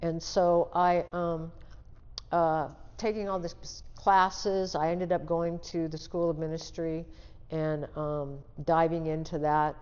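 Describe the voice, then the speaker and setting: A woman's voice: low-pitched, level tone, slow, darkish tone, smooth, big-room sound, muffled recording. An older woman, an interview guest, telling her life story and acting out the dialogue in it as she talks. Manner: vivid storyteller who acts out quoted dialogue; restarts and trails off mid-sentence.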